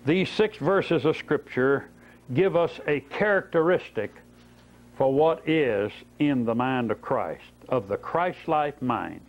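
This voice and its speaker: A man preaching a Bible-study sermon, telling folksy stories and asking rhetorical questions. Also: mid-range voice. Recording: dull lo-fi tape recording.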